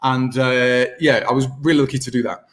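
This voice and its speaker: A man's voice: mid-range voice, a little fast. A man chatting on a video call, an impressionist who keeps slipping into voices. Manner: chatty, animated, slips into impressions. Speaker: impressionist guest.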